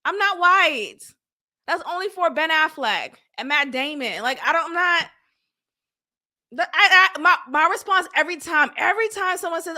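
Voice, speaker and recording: A woman from Boston hosting a podcast alone, chatting casually and rambling, with frequent laughs and sudden swings between loud and soft. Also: very high-pitched, lively intonation, moderate pace. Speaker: podcast host. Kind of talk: casual solo podcast chat.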